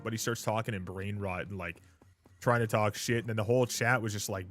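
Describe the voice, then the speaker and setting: Profane young streamer. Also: male voice, on the low side, steady tone, fairly quick, a bit bright. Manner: rambling, profane storytelling with frequent laughs. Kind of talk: casual livestream chat.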